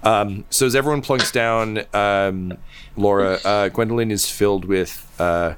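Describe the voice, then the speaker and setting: A man narrating a tabletop game as game master, casual and rambling, with a slightly low voice. He leans on fillers as he describes the scene.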